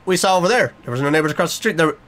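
A young man talks his way through a horror game. His commentary is jokey and nervous. His voice sits on the high side for a man and swings widely in pitch. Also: expressive, racing, a bit bright. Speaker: gaming YouTuber.

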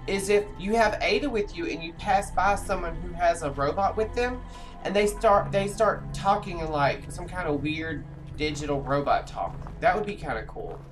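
Playing live with music behind him, a very tired, sleepy game streamer chats and rambles to viewers as gameplay commentary. His voice is mid-range and moves at a normal speed.

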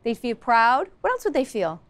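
A woman's voice: fairly high pitch, very animated, moderate pace. A woman teaching a social-emotional learning lesson in a school classroom, upbeat and coaxing, firing questions at the class.

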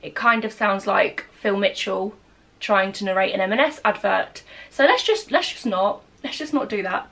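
A woman, a little husky today, chatting excitedly and self-deprecatingly through a home haul vlog. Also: medium pitch, normal speed. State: slightly husky. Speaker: lifestyle vlogger.

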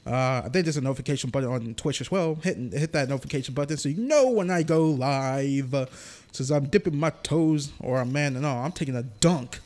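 A man's voice: medium pitch, brisk, a little mellow. A young man casually commenting on his gameplay as a streamer, joking and talking to the game. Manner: chatty, jokey, talks to the game.

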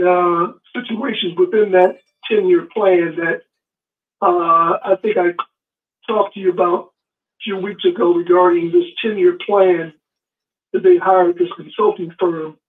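Eager male caller on a tinny phone line. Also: sits high. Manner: eager, shares news point by point.

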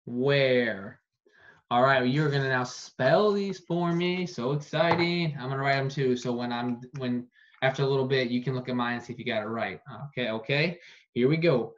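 A man teaching an online phonics lesson, saying each word slowly and repeating it for dictation. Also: mid-range voice. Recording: dull lo-fi recording.

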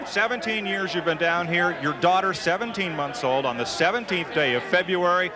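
A male pit road reporter asking brisk, upbeat questions in a post-race interview. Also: high voice. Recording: roaring crowd at the track.

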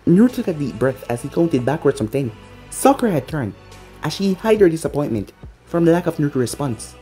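A narrator reading a fan-fiction story aloud in an expressive way. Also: mid-range voice, fairly quick, faint music behind.

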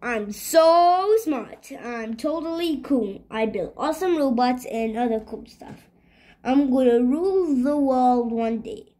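A woman's voice: sits high, animated, takes it slowly, mellow. A woman voicing a cheerful little boy kitten in a storybook read-aloud, chatty and teasing. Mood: playful.

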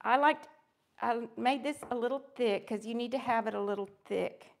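A woman's voice: fairly high pitch, normal speed, creaky. A woman hosting a live crafting stream, chatting in an upbeat, friendly way and greeting viewers by name as she works. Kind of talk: casual live-stream chat while crafting.

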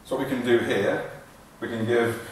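A man's voice: medium pitch, steady tone, normal speed. Man, fitness trainer, informal live talk, out of breath, distant mic, faint room hum. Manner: informal, repeats phrases, restarts sentences. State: out of breath while exercising. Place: large echoey hall in front of an audience. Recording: echoey hall recording from far off.

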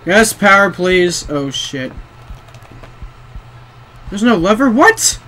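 A man's voice: high-pitched, sing-song, slow pace, long pauses, bright, forceful tone, a little hiss or hum. A young man playing a horror game, jumpy, swearing often and talking to himself. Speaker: gamer.

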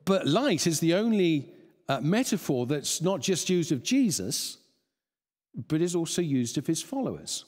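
Man, sermon, animated slightly high voice, long church echo. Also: measured pace. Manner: lively, chuckling, thinking aloud with restarts. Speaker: preacher. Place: church hall.

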